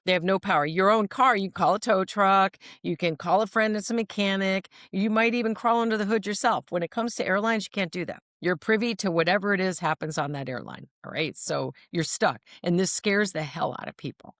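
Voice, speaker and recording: A woman's voice: mid-range voice, brisk, hardly any pauses, fairly bright tone, no echo, studio quality. Earnest woman telling personal stories. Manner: earnest, emphatic, checks in with "all right?" and "right?". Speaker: mental health speaker. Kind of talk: personal storytelling monologue.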